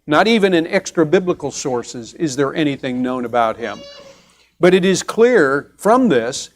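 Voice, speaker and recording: Guy teaching sunday bible class at church, voice a bit on the high side, chatty, asks the class stuff, restarts a lot. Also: lively intonation. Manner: conversational, explains step by step with pauses and restarts.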